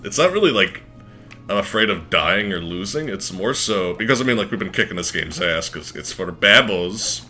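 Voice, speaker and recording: A man streaming a game live, chatting excitably and swearing when worked up. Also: sits low, moderate pace. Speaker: let's play streamer. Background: faint game music.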